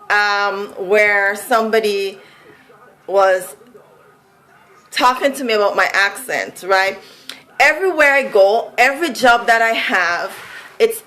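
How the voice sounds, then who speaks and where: A Vincentian vlogger from Saint Vincent chats casually to camera in a somewhat high, slightly bright voice, speaking in a sing-song, musical way and laughing often. The recording is rough.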